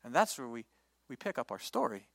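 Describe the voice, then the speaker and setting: A man preaching a lively sermon, retelling a Bible story and acting out its characters in quick voices. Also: mid-range voice, vocal fry, dry recording. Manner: animated, acts out the people and God in quick voices.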